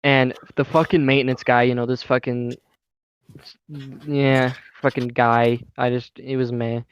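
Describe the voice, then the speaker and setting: A man's voice: medium pitch, little pitch movement, measured pace, highs cut off, slight background noise. A young man telling a story in casual chat as a podcast co-host, heated and profane throughout.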